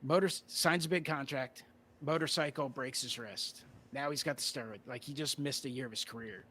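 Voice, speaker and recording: A male card-collector guest in a casual conversation, relaxed and rambling with plenty of "you know" fillers. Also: mid-range voice, moderate pace.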